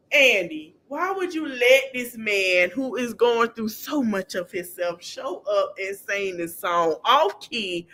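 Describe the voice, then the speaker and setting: A woman hosting a podcast, recapping a reality TV reunion in a sassy, animated gossip style that keeps breaking into laughter. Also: medium pitch. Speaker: podcast host.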